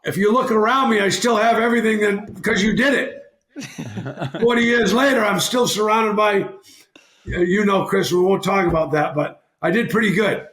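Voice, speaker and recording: Older male podcast guest, slightly high voice, animated self-correcting storyteller, roomy sound. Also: normal speed. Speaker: podcast guest, former hockey player. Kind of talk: casual storytelling. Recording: roomy echo.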